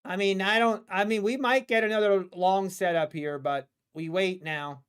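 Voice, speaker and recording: A man hosting a live trading stream, telling a rambling personal anecdote in a casual, animated way with frequent restarts. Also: high voice, normal speed, clean tone. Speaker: livestream day-trading host.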